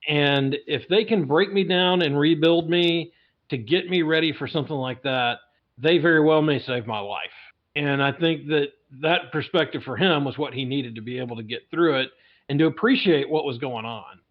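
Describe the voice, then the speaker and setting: A man, a podcast guest, speaking in a measured and thoughtful way in casual chat. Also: fairly high pitch, muffled recording.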